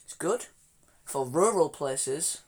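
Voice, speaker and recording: A man, co-hosting a casual podcast chat, rambling, excitable and quick to laugh as he jumps between topics. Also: a little high, breathy edge. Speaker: podcast co-host.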